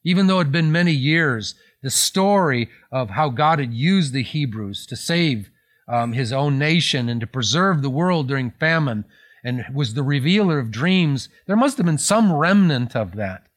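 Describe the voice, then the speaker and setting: A man's voice: on the high side, expressive, normal speed. A man preaching a sermon in a conversational tone, explaining scripture with frequent restarts and self-corrections. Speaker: pastor.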